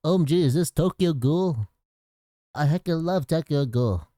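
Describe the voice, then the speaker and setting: A man voicing an excitable nerdy young anime fan who gushes over a show, in a put-on nerd voice. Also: a little high, normal speed, no echo, studio quality, voice pushed up, lightly acted. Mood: gushing. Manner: gushing, nasal nerd voice.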